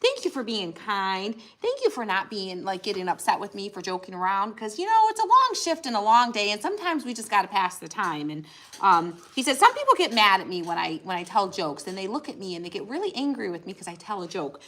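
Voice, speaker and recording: A woman's voice: mid-range voice, very animated, a little fast, a bit bright. A woman co-hosting a casual crafting livestream, telling stories with lots of acted-out quotes. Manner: chatty storyteller, acts out quotes. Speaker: livestream co-host. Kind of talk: casual chat while crafting.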